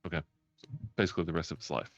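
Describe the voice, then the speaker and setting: Low-voiced male game master. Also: fairly even intonation, rapid-fire, no room sound, faint music behind. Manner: laughs often, describes scenes. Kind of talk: narrating a tabletop game. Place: home, streamed live. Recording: dull lo-fi stream audio.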